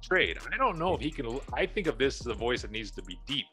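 A man's voice: mid-range voice, very animated, fast, pushed and bright, faint music behind. A man co-hosting a podcast, giving detailed and opinionated casual commentary on movie casting. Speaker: podcast co-host. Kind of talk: casual pop-culture commentary.

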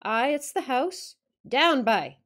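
A woman's voice: high-pitched, sing-song, takes it slowly, fairly bright tone, voice pushed up, full character voice. Woman putting on a growling, sulky old man. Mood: grumbling surly. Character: surly old man servant with a lantern.

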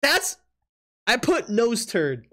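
A man's voice: extremely high pitch, huge pitch swings, slow, pushed and bright. A man streaming live from his apartment, chatting casually with viewers, laughing often and reacting in disbelief while teasing his chat.

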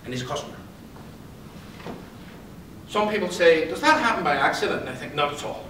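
A man giving a motivational talk to an audience, telling stories and quizzing the crowd in a lively way. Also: fairly high pitch, fairly quick, slight background noise. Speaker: conference speaker and psychologist. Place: event hall. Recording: roomy hall, distant pickup.

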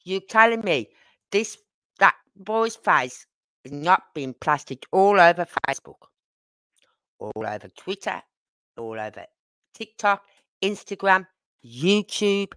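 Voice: medium pitch, animated, bright, forceful tone, clear, resonant tone, dry recording. Emphatic YouTuber in a dry room. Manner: emphatic, rhetorical questions, repeats points; apologetic about talking fast. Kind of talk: live-stream commentary.

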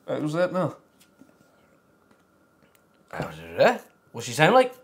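A man co-hosting a joke-reading game, talking casually and hesitantly and trailing off into quick remarks. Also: on the high side, huge pitch swings, vocal fry. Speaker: co-host.

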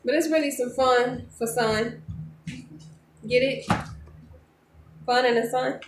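A woman's voice: high-pitched, takes it slowly, roomy sound, a little hiss or hum. A woman, chatting casually to viewers while making something at home, laughing often. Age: 30s. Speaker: vlogger. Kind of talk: casual vlog chat. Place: home kitchen at night.

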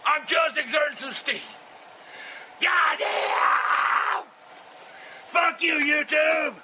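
An older man who rants at the camera in a profane, explosive way, swearing and shouting in bursts. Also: very high-pitched, noisy background. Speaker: show regular, angry grandpa.

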